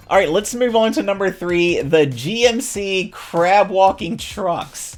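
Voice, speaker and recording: A woman's voice: mid-range voice, animated, a little slow, few pauses, soft background music. A woman commentator ranting about commercials in a casual, sarcastic, exasperated way. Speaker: video commentator.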